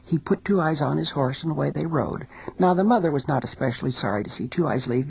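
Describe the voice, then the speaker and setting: A woman teacher telling a folk tale in a recording studio, as an expressive storyteller. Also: low-pitched, gravelly, slightly rough, poor audio. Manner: expressive storyteller, sings small refrains slowly.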